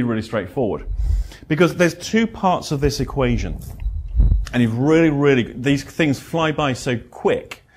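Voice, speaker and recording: A man's voice: fairly low pitch, a little hiss or hum. A British man giving a live lecture to therapists, acting out client conversations with dry humor. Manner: animated, acts out client dialogue, dry humor. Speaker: presenter.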